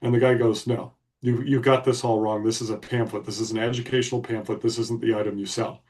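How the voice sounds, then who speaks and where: A man's voice: mid-range voice, little pitch movement, fast talker, a little mellow, far from the mic. A man co-hosting a podcast, telling a story in a blunt, emphatic way. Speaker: podcast co-host. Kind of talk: casual storytelling.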